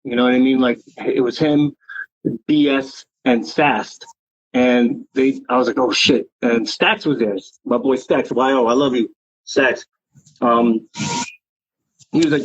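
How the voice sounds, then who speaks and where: A graffiti writer being interviewed speaks unhurriedly in a medium-pitched, husky voice with no echo. His storytelling is animated, profane, and meandering in this relaxed conversation. It's a dry, dull lo-fi recording.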